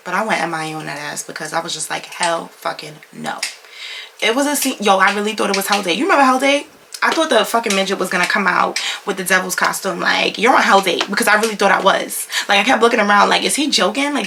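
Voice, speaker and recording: Gravelly young woman telling a storytime. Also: fairly low pitch, background noise. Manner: animated, slangy storytelling with lots of swearing. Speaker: vlogger. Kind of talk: casual storytime vlog.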